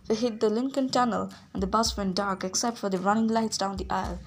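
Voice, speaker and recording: A woman reading a story aloud in a steady storytelling voice, giving the characters their own voices. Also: medium pitch, brisk, hardly any pauses, a little hiss or hum. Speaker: reader. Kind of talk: audiobook reading.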